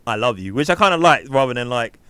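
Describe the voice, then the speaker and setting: A man in casual chat, recapping a film's plot and acting out characters' lines in quick asides. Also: mid-range voice, lively intonation, bright, forceful tone. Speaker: film review podcast co-host.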